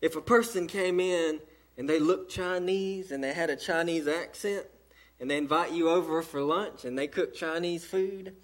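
A man with a Southern American accent preaching a sermon in church, with emphatic pauses. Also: fairly high pitch. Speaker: pastor. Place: church during an evening service.

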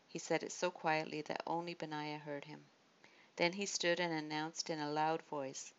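Woman audiobook narrator, low voice, steady reading, dull lo-fi track. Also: normal speed, gravelly, clear, resonant tone. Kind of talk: scripted narration.

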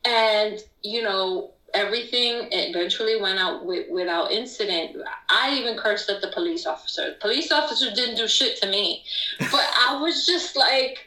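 Animated woman telling a story, roomy sound. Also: normal speed, far from the mic. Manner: animated, acts out quotes with sharp high-pitched outbursts. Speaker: guest. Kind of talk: casual storytelling.

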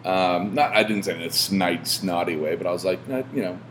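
A man hosting a podcast, talking casually in a rambling way, full of fillers and restarts and swearing when he gets animated. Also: sits low, fairly quick, slight background noise. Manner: rambling, self-interrupting with many fillers and restarts. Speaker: podcast host.

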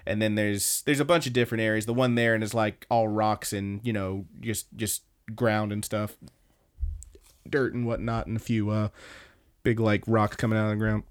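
A man's voice: lowish voice, level tone, moderate pace, clear, resonant tone. A man co-hosting a podcast, recapping anime episodes in a rambling, joking way with fillers and swearing. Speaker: podcast co-host.

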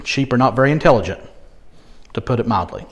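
A man preaching a sermon, expressive, asking rhetorical questions and swinging from quiet asides to emphatic peaks. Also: fast. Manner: expressive, rising to emphatic peaks and dropping low. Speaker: pastor.

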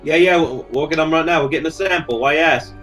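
A man's voice: a little high, quick pace, fairly bright tone, soft background music. A man playing a tabletop game who banters playfully in character. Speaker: player. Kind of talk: tabletop role-play.

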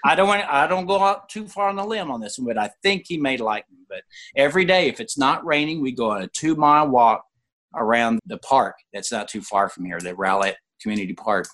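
Man around 60, mid-pitched, interview guest; lively storyteller who jumps up in pitch to voice others. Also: fairly quick. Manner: animated, voices other people in quotes with sudden pitch jumps. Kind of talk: conversational personal storytelling.

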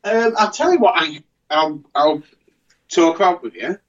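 Rambling man, slightly high voice. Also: animated, measured pace, fairly bright tone, muffled recording. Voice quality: rambling with many restarts. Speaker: podcast co-host. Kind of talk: casual chat.

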